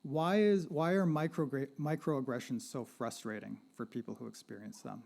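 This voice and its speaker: Speaking at normal speed with a medium pitch, this man has a creaky, darkish voice. At an art gallery panel, he delivers a conversational, lecture-style talk, tossing in "right?" and asking the audience questions to draw them in.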